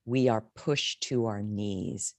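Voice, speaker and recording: A woman's voice: slow, no echo. A woman in her fifties, a career coach telling her story candidly and emotionally in an interview. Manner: candid, emotional, wide swings in pitch.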